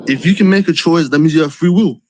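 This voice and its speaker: A man's voice: a little high, fast, a little mellow, a little hiss or hum, rough recording. A man calling into a live stream who argues his case earnestly, repeating words and restarting often. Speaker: caller.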